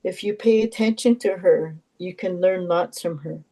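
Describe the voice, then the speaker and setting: An older woman, an Elder from Canada, sharing heartfelt stories and teachings in a gentle, reflective way with pauses and repetitions. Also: on the low side, low-quality recording. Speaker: Elder and knowledge keeper.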